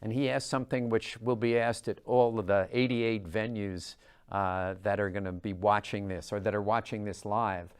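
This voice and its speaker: Low-voiced man moderating a broadcast. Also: clear, resonant tone. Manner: upbeat, polite announcer wrap-up.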